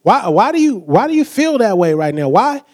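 High-voiced man preaching conversationally. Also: sing-song, normal speed, darkish tone. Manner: conversational preaching, asks the crowd questions, acts out quotes. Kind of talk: sermon.

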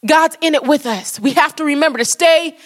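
A woman's voice: high-pitched, brisk, long reverb tail. A woman preaching a sermon with fervent, repetitive exhortation.

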